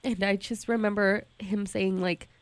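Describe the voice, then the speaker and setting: In a radio studio, a woman guest candidly tells an emotional personal story, leaning heavily on "like" and often restarting her sentences. Her voice sits in the mid range, with fairly even intonation and a moderate pace.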